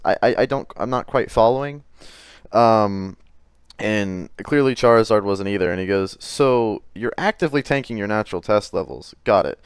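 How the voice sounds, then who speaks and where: A man's voice: medium pitch, clean tone, dry recording, studio quality. A man doing commentary on chat messages, exasperated and profane, often stammering and restarting his sentences. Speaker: commentary YouTuber.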